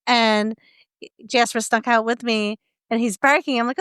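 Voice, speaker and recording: A woman's voice: a little high, steady tone, unhurried, a bit bright, smooth, dry recording. A woman co-hosting a podcast, telling chatty stories and laughing often. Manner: giggly storyteller, laughs often. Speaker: podcast co-host. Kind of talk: casual chat. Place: rural home.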